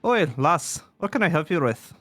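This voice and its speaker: A man's voice: a little high, expressive, moderate pace, over loud music, pitched above the performer's own voice, natural voice. A man voicing a bespectacled human shopkeeper, giving hearty, folksy greetings. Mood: welcoming.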